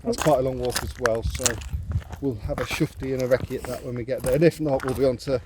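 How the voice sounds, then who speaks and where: A man's voice: medium pitch, fairly even intonation, fast. A man chatting casually and colloquially for a travel vlog. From England. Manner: laid-back, colloquial. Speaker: vlogger. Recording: noisy outdoor recording.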